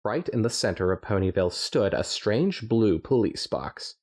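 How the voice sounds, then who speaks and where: A man's voice: fairly low pitch, expressive, moderate pace, darkish tone. A man co-hosting a podcast, reading fanfiction aloud with playful, jokey asides. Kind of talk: reading aloud with casual chat.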